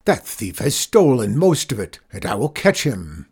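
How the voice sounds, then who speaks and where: A man's voice: mid-range voice, very animated, a little slow, darkish tone, husky. A man voicing a blustering male farmer who roars and bellows, in a storybook reading. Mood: furious. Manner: roaring, bellowing.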